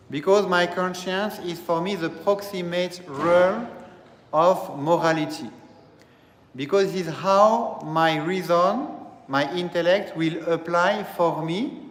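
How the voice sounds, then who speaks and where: Slow-preaching man in an echoey church. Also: sits high. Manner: slow, deliberate teaching with repeated phrases. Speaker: priest. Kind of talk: sermon. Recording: echoey church hall, faint ambience.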